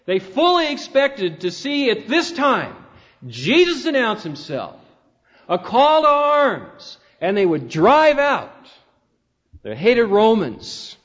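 A man with a high voice preaches a Sunday sermon, reading scripture aloud and rising and falling sharply for emphasis. The sound is dull and lo-fi, with a long reverb trailing through the church sanctuary. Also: wildly swooping pitch, takes it slowly. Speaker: pastor.

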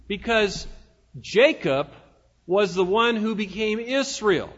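A man with a high voice delivers a sermon, folksy and conversational, tossing asides to his listeners. The sound is dull and lo-fi, and his words ring out with a long echo in a large hall. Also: a bit bright. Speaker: pastor.

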